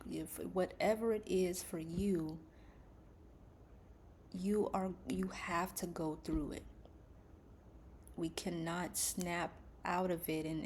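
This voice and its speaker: A woman speaking calmly and gently to her viewers about faith and coping with pain, with soft breathy asides. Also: on the low side, a little hiss or hum. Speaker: faith and wellness vlogger. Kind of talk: calm reflective talk to camera.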